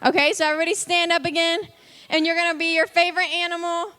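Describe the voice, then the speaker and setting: A woman with a high voice leads a children's church lesson. She talks in an upbeat, coaxing way and calls out countdowns for the kids. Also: level tone, fast talker, sharp tone. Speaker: children's ministry leader. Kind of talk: leading a kids' church lesson.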